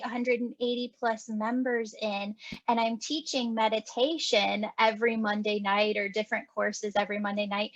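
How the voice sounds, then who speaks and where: A woman's voice: on the high side, no room sound, dull audio. A woman hosting a podcast, chatting casually and acting out quoted dialogue as she tells a story. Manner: animated, acts out quoted dialogue with laughs. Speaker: podcast host and medium.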